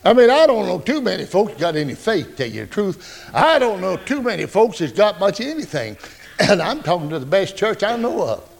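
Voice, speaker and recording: A male pastor preaching a folksy, joking, animated sermon. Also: sits high, fairly quick, gravelly.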